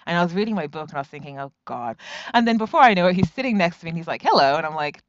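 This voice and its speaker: Guest voice: lowish woman, animated storyteller, dull lo-fi recording, dry. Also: very fast, no room sound. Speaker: guest, activist. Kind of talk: casual chat. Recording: dull, lo-fi sound.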